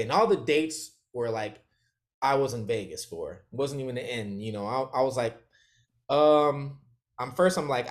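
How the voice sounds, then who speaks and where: A man's voice: medium pitch, lively intonation, normal speed. A man as an interview guest, telling a story in casual chat. He talks with animation, laughs often and acts out other people's lines.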